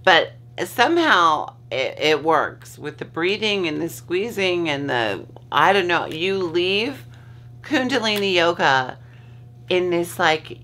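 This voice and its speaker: Give me a slow, gravelly woman vlogger chatting in bed. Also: low voice, sharp tone. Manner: rambling, loses her train of thought, swears freely. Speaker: vlogger host. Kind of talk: casual chat. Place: in bed at home.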